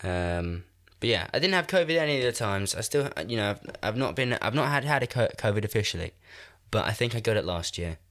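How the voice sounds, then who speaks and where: Nasal and stuffed up with a cold, this twenty-something podcast host talks a little fast in a lowish, fairly bright voice with lively intonation. He rambles, makes self-deprecating jokes, and laughs often during casual chat on his new podcast mic.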